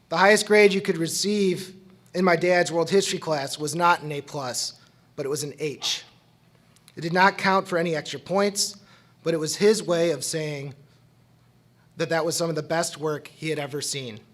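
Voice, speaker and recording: A man presenting an award with a prepared, heartfelt tribute speech, read in a measured way. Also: a little high, steady tone, a bit bright.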